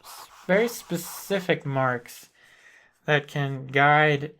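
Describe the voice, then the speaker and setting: A man leads a painting lesson in a slow, unhurried delivery. His voice has a gravelly rasp, and he talks through each step calmly and deliberately, like someone working at the easel as he speaks. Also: on the high side, a little hiss or hum. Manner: thinks aloud while working, calm and deliberate. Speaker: painting instructor. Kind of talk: live painting demonstration.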